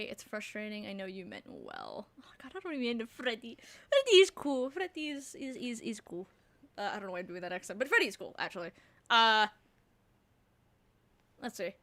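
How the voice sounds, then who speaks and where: A woman's voice: mid-range voice, bright, forceful tone. A woman hosting a let's play, chatting casually with giggles and self-deprecating jokes. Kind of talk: casual gameplay commentary.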